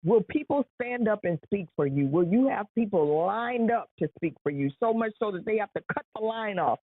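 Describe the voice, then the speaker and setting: A woman's voice: mid-range voice, expressive, normal speed, slightly rough, no echo. A woman hosting a live stream, giving an earnest motivational talk and repeating rhetorical questions. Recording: tinny phone-like sound.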